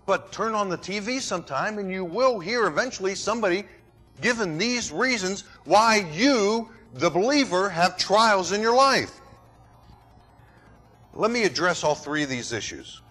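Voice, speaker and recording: A pastor preaching a sermon, dramatic and rhetorical, who acts out other people's words. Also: male voice, high voice, animated, measured pace, sharp tone, soft background music. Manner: dramatic, rhetorical, mimics voices.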